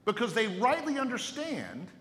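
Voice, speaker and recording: A man's voice: extremely high pitch, wildly swooping pitch, normal speed, a bit bright. A male pastor preaching a sermon emphatically, with rhetorical questions and repeated words. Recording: echoey hall with long reverb.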